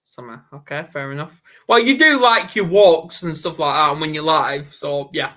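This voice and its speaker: A man's voice: on the high side, moderate pace, pushed and bright. A man with a Northern English accent hosting a live online interview in a chatty, upbeat, casual way over a video call. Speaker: host. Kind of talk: live online interview, quick-fire questions.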